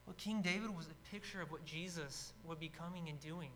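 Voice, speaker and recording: A man teaching a casual Bible study, retelling stories with energy and acting out shouted lines. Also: a little high, fairly quick, slight background noise, rough recording.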